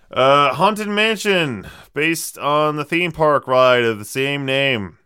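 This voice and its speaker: A man's voice: fairly high pitch, expressive, takes it slowly, pushed and bright, clean tone, no echo, studio quality. A man hosting a casual movie podcast, reeling off trivia in a wry, sardonic way with plenty of fillers.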